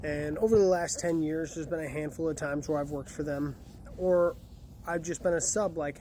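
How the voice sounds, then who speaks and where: A man's voice: fairly high pitch, steady tone, moderate pace, mellow, slight background noise. A man casually telling a story about delivering pizza, acting out the lines of the people in it. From Chicago area. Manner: chatty, acts out quotes.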